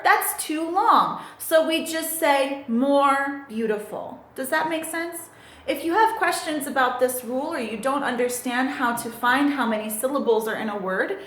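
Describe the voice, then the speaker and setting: A woman's voice: sits high, a bit bright. A woman teaching English grammar in a recorded lesson, patiently spelling out letters and asking the listener questions. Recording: echoey room.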